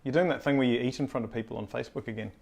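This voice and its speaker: A man's voice: mid-range voice, racing, gravelly, darkish tone. A man co-hosting a casual kitchen live-stream, upbeat and bantering with viewers. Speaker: co-host. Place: home kitchen.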